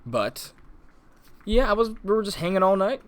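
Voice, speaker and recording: A man's voice: sits high, very animated, moderate pace. A young man co-hosting a casual podcast, rambling with lots of fillers, restarts and laughs. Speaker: podcast co-host. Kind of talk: casual chat.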